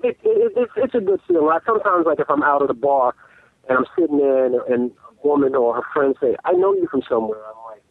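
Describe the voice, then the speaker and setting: A man's voice: on the high side, big pitch swings, fast talker, dry recording. A man calling in as a guest who tells stories animatedly and keeps restarting his sentences. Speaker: call-in guest. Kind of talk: casual phone interview. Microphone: telephone. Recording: tinny phone line.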